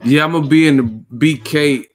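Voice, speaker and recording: This boxing YouTube host has a slightly high voice and a moderate pace, with soft music playing behind him. His livestream chat is casual and profane, full of jokes and frequent laughter.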